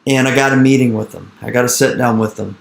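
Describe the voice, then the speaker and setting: A man in his thirties telling an animated story in an interview, repeating his phrases and acting out the dialogue he quotes. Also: medium pitch, fast talker, vocal fry, reverberant, noisy background. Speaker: real estate investor speaking to an investor group. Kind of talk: energetic storytelling talk.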